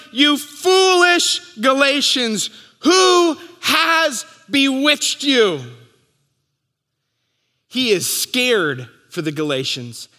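A man in his thirties preaching a sermon as pastor, telling stories and acting out the crowd's shouts. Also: sits high. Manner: storytelling, acting out crowd voices. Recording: long hall reverb.

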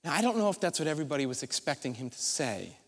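A man preaching a sermon as a pastor, retelling a scene as a vivid story and pausing often for drama. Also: on the high side, big pitch swings. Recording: long reverb from a large hall.

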